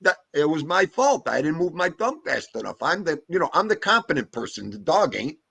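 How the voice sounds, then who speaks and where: A man's voice: fairly high pitch, brisk, vocal fry, slightly rough, dry recording. Guy hosting a chat, voice jumps all over, super dry close sound, slangy and emphatic. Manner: animated, emphatic storytelling with street slang. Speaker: host. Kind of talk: casual chat.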